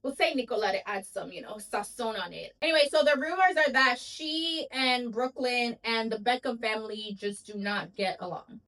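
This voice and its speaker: A woman's voice: fairly high pitch, a bit bright, rough recording. A woman host giving casual gossip commentary, chatty and wry, with frequent laughs and asides.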